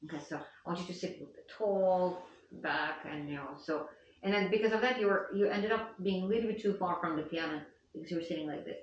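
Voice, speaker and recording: A woman's voice: lowish voice, a little fast, slight background noise. A woman giving a one-on-one piano lesson, explaining patiently and counting the beats aloud. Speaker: piano teacher. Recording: echoey, distant, dull lo-fi sound with piano. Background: piano playing.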